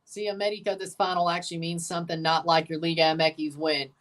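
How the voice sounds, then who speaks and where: A woman's voice: low voice, flat delivery, fast, distant mic. Woman on a live stream reacting to a soccer game, cussing and teasing her chat, breaks into chants now and then. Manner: banters with viewers, swears, chants and sings along. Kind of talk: live watchalong commentary.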